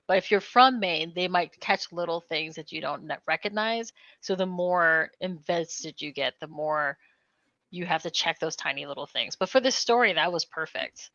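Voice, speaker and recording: A woman chatting in a casual livestream, lively and laughing. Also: lowish voice, dry recording. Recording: dull lo-fi sound.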